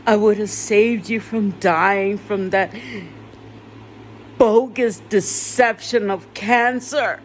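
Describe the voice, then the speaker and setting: Tearful woman, raw rambling monologue, very slow delivery, laughs and swears through it. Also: medium pitch, steady tone, a little hiss or hum. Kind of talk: emotional personal monologue.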